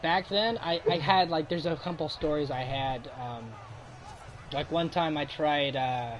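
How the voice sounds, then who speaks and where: A man's voice: on the high side, a little slow, muffled recording. A man hosting a casual chat, rambling through stories with frequent laughs and trailing off. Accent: Boston. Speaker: host.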